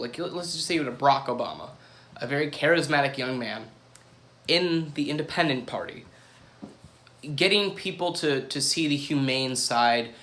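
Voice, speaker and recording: Young guy, solo podcast host, bright and punchy tone, rambling and casual, restarts a lot, swears now and then. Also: medium pitch.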